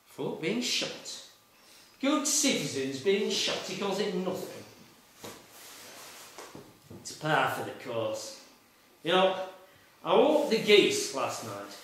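A man's voice: a little high, sing-song, slow, long pauses, a bit bright, heavily acted. An actor playing an aggrieved, blustering middle-aged male traffic warden in a live monologue. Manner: blustering, rambling, self-pitying, with sudden bursts. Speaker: actor in a solo stage show. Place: meeting room with a live audience. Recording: echoey room, voice from far off.

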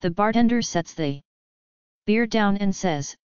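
A woman reading a list of drinking jokes and one-liners in a flat, even delivery. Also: medium pitch, measured pace, smooth, no echo. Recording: dull lo-fi dry recording.

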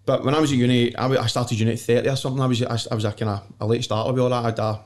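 Speaking very fast in a level, mid-range voice, a Glaswegian man guests on a podcast for casual storytelling. He's blunt and mocks himself, swearing freely and breaking into laughter often.

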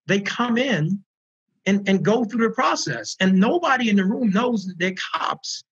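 Male panelist, high husky voice, earnest and animated, muffled video-call sound. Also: a little slow. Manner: earnest, animated storyteller who repeats words for emphasis. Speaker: founder of a prisoner reentry program. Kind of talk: storytelling in an online panel interview.

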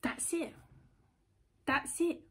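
A woman giving a casual, chatty tarot reading to camera as host, blunt and animated. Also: very slow. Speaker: tarot reader, channel host.

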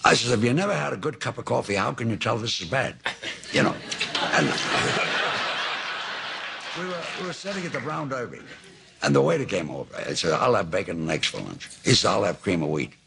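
Gravelly dry-voiced man in his nineties. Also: mid-range voice, brisk. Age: 90s. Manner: dry, deadpan storyteller with gravelly voice. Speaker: talk show guest. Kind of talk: anecdotal storytelling. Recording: noisy old TV broadcast tape.

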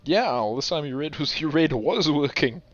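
A man's voice: fairly high pitch, moderate pace, dry recording. Tired man commentating a game stream. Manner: relaxed, chuckling, rambling. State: tired with a sore throat. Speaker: tournament host streaming a game. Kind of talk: casual live game commentary. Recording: dull lo-fi stream audio with game music. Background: faint game music.

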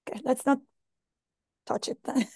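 A woman's voice: normal speed, darkish tone, no echo, studio quality. A woman presenting on a video call, emotional and apologetic, flustered by screen sharing. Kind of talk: online conference talk.

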